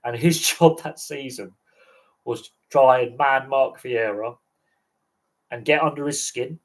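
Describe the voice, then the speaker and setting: A sports channel host chats casually on a livestream, a rambling storyteller who laughs often. His mid-range voice is unhurried, and the recording is rough.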